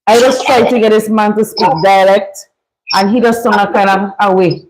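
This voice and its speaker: A woman's voice: mid-range voice, fairly even intonation, moderate pace, darkish tone, a little hiss or hum, poor audio. A woman from St. Vincent with a Vincentian accent, hosting a casual livestream and chatting with callers in creole-flavored speech. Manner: chatty, dialect-heavy creole phrasing. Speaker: livestream host. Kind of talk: casual live chat with callers.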